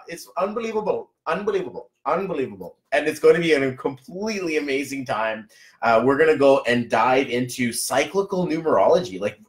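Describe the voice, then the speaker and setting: A man reading numerology on a casual live stream, chatty and excitable, greeting viewers by name. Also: on the high side. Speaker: numerology reader. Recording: echoey room.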